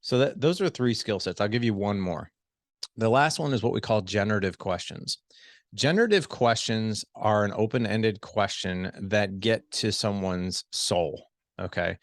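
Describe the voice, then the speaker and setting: A middle-aged man on a podcast as a guest, coaching on marriage skills in a lively conversational way and acting out quoted dialogue. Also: lowish voice, normal speed, no echo, studio quality. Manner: animated, acts out quoted dialogue. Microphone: studio headset.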